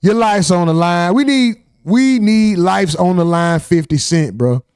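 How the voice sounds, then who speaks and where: Animated, high-pitched man heckling rappers. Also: measured pace, clear, resonant tone, no room sound, studio quality. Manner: loud, profane, heckling reactions. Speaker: host. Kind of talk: casual commentary on rap news.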